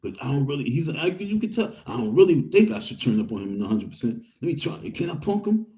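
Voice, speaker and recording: A man's voice: a little high, sing-song, quick pace, mellow. A man from Queens, rambling through a story in street slang and reading viewer comments to his audience. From Queens, New York. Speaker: vlogger.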